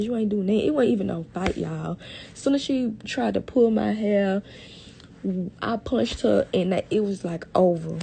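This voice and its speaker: A young woman tells a story live to her viewers, animated and swearing freely. Her voice is gravelly and low in tone, warm rather than bright. A faint rumble sits behind her. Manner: animated, talks to viewers as y'all, heavy swearing. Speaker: live streamer. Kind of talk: casual storytelling on a livestream.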